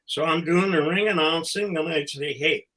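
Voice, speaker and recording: An older man, a former wrestling promoter and ring announcer, telling stories casually as a podcast guest, halting and fond, with pauses between phrases. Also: a little high, bright, forceful tone, low-quality recording. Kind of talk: casual anecdotal storytelling.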